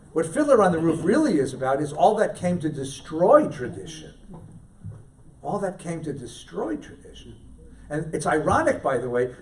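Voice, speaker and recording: Animated rabbi lecturing in a hall. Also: male voice, fairly high pitch, recorded from a distance. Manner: animated storyteller, jokey asides, repeats key lines. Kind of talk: lively lecture with anecdotes. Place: synagogue hall.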